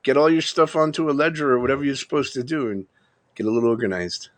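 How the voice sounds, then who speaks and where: A man's voice: medium pitch, expressive, fast. A man in his fifties with a New York accent, hosting a casual live chat, rambling and chuckling as he talks. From Long Island, New York. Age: 50s. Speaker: livestream host. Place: home room, video call.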